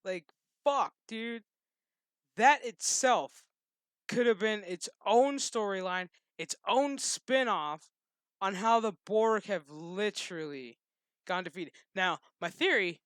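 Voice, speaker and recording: A man hosting his own channel, ranting casually and profanely in a rambling, animated way. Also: high-pitched, slow pace, clear, resonant tone, no room sound, studio quality. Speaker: gaming channel host. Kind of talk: casual rant.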